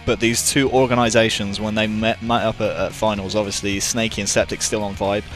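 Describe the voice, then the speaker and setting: A man's voice: lowish voice, flat delivery, brisk, a bit bright, faint music behind. Analytical male esports co-caster. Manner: analytical, talks through stats and history. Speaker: esports commentator.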